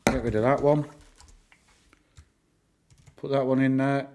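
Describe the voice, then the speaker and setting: A man's voice: medium pitch, fairly even intonation, measured pace, darkish tone. A middle-aged man from northern England with a northern English accent, chatting casually with viewers on a live stream, rambling and full of fillers. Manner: chatty, rambling, answers chat, lots of fillers. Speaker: livestream host.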